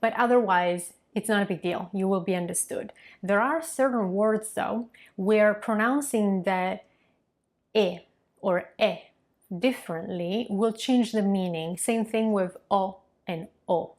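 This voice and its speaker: A young woman from Milan with an Italian accent, teaching a pronunciation lesson and modeling sounds slowly and clearly. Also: medium pitch, darkish tone. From Milan, northern Italy. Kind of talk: online language lesson.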